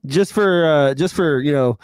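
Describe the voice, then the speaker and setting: Man with a slightly higher voice, joking co-host. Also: unhurried, a little mellow, clear, resonant tone. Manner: chimes in with jokes and asides. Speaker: podcast co-host. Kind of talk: casual banter.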